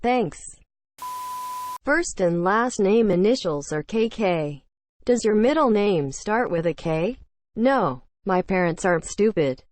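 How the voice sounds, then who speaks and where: A woman's voice: medium pitch, a little mellow, dry recording. A woman reading forum posts aloud in a dry, matter-of-fact scripted narration.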